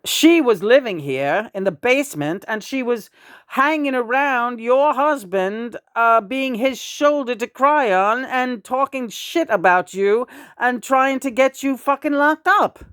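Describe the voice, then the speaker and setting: A woman's voice: on the high side, lively intonation, measured pace, a bit bright, no room sound. Woman in her sixties, casual vlog chat, rambling and profane, chuckling often, dry close sound. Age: 60s. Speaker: vlogger.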